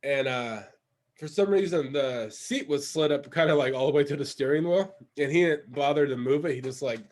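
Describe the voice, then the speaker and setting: A man hosting a casual podcast chat, telling a story in an animated way and laughing often. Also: on the high side, moderate pace. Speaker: podcast host.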